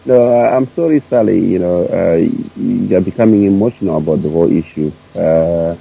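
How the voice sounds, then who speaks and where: A man's voice: deep voice, fairly quick, creaky, mellow, husky, muffled recording. A man calling in to a radio talk show, speaking hesitantly with many fillers and restarts. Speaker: caller. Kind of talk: phone-in commentary.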